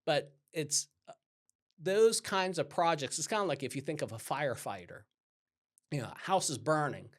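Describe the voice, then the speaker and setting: A man's voice: on the high side, normal speed. A man who owns a roofing company, talking casually as a guest in an interview and acting out the customers he quotes. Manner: animated, acts out customer dialogue in quotes.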